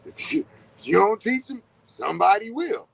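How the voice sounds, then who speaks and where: A man's voice: high voice, sing-song, normal speed, gravelly, slightly rough, poor audio. Laid-back man in casual spiritual talk. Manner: loose, conversational, swears often, acts out quoted reactions. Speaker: podcast host.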